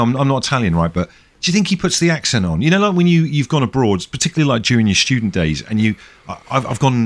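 Podcast co-host, thirties, rapid and animated, lowish voice. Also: male voice. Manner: chatty, jokey and animated. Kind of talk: casual chat. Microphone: video call.

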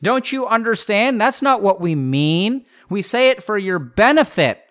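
A man's voice: on the high side, expressive, measured pace. A man mimicking a defensive, pleading parent.

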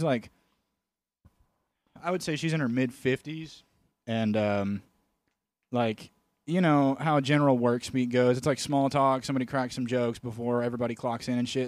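A man's voice: medium pitch, moderate pace, darkish tone, dry recording. A man co-hosting a casual podcast, rambling through stories with lots of swearing, close on a podcast mic. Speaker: podcast co-host. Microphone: studio podcast mic.

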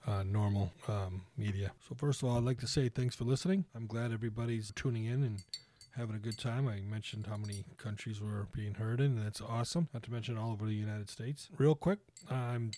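A man's voice: mid-range voice, warm tone. A man hosting a podcast in a casual, rambling way, full of fillers and asides. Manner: rambling, chatty, with many fillers. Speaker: podcast host. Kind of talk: casual chat.

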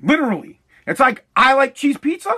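A man's voice: sits high, normal speed, pushed and bright. A man in a fired-up, profane ranting monologue, mocking the people he talks about, recorded at home at night.

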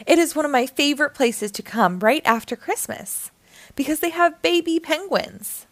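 A woman's voice: sits high, expressive, moderate pace, no room sound, voice pushed up. A kindly, cheerful old Santa who speaks with a smile and patiently shows children the world, as a woman reader puts him on. His lines rise and fall with plenty of life. The recording is dry and close. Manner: warm, smiling, gently explaining.

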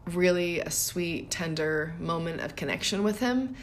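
A woman's voice: fairly low pitch, expressive, a little slow. A woman in her thirties co-hosting a casual podcast chat. She tells personal stories reflectively and laughs often. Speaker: podcast co-host.

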